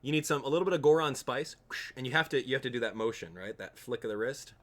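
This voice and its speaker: Fast-talking and mid-range in pitch, this young man streams a game live, keeping up casual chat, laughing a lot and joking with his viewers as a gaming streamer.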